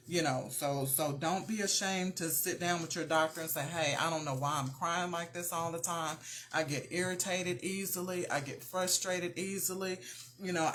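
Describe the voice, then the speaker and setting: A woman's voice: on the low side, fairly bright tone. A middle-aged woman hosting a motivational talk, speaking earnestly and directly to her viewers, repeating her key points and often calling them "you guys.". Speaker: host.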